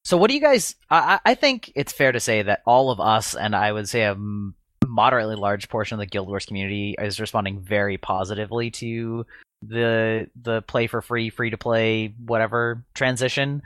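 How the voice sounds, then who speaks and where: A man's voice: on the low side, a little fast, fairly bright tone, no room sound. A man chatting casually as a podcast guest, rambling with many fillers. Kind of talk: casual chat.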